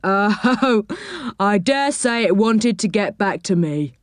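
A good-humoured train driver teases the children, voiced by a woman reading aloud. His speech is lively and lilting. The recording is close and dry. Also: mid-range voice, slow, no echo. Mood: amused. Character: jolly train driver, grown man.

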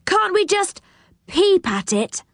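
A woman's voice: very high-pitched, very animated, takes it slowly, no room sound, studio quality, voice pushed up, heavily acted. A woman voicing an eager young boy who pleads and exclaims.

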